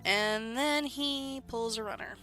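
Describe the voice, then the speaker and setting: A congested woman hosts a gaming video, chatting as she plays. Her voice sits a bit high and sounds bright and sharp. She rambles casually as she reads the game text aloud. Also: slow pace, faint music behind. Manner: chatty and rambling, with small laughs.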